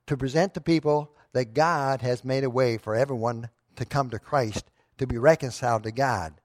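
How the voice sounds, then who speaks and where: A man's voice: mid-range voice, normal speed, no echo, clean studio sound. A pastor preaching a sermon to his church, telling a story in a conversational way that rises to emphatic moments.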